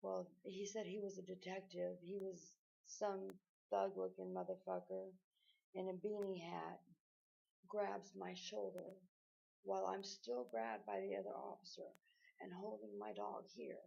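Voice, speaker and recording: Gravelly, husky woman recounting an ordeal. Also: medium pitch, flat delivery, dark tone, muffled recording. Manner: halting, emotional retelling with many restarts. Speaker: person recounting an arrest. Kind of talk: personal spoken account.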